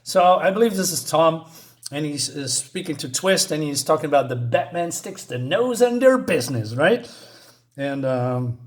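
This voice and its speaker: A man's voice: fairly high pitch, lively intonation, normal speed. Hesitant man reviewing a comic. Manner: hesitant, stumbling over words, chuckling often. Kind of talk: casual spoken review.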